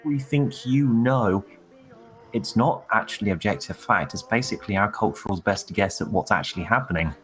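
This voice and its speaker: A man's voice: fairly low pitch, brisk, a bit bright. A man arguing his point in a casual group discussion.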